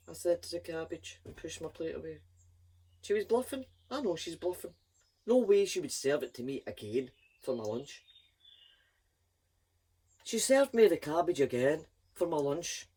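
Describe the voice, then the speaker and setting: A woman's voice: low voice, normal speed, pauses often, slightly rough. Lady doing story time, reads a kids book, lots of expression. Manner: lively, expressive first-person storytelling. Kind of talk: reading a children's book aloud.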